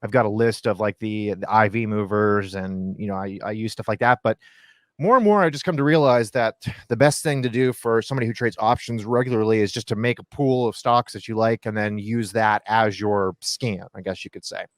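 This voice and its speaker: A full-time options trader from Ohio, USA, joins a video call as a guest and explains things conversationally, rambling with fillers and restarts. His voice is on the low side and a little fast. The audio is studio quality with no room sound.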